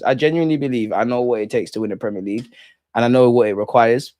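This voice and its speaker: A young man with a London accent, chatting casually on a live stream about football while reading out and reacting to viewer comments in slangy, animated talk. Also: medium pitch, no room sound, clean studio sound.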